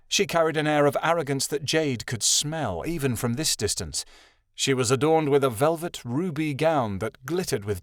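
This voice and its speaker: A male narrator reading a fantasy novel aloud in a steady, even storytelling manner. His voice sits in a middling register. The recording is close and dry. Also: medium pitch, no room sound. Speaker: audiobook narrator. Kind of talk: scripted narration.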